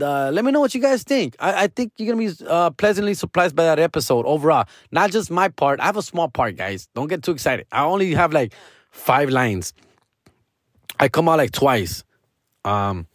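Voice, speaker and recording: On the high side in pitch, this man is an actor telling his followers a laid-back story. His speech is profane and full of slang, with Spanish mixed into the English and frequent uses of "fool" and "dog", all recorded at studio quality with no room sound.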